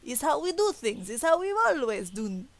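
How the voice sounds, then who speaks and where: A woman's voice: a little high, big pitch swings, moderate pace. A woman doing a blunt, crude goblin woman. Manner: broken grammar, blunt and simple. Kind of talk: in-character tabletop role-play.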